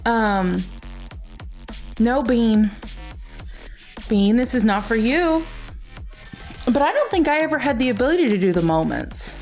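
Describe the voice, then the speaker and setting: A woman with a high, lively voice that swoops up and down as she chats casually on a livestream, giddy and quick to laugh. She is a little high and talks to her cat between remarks, and she speaks at an unhurried pace with faint music playing behind her. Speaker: streamer. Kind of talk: casual livestream chat while knitting.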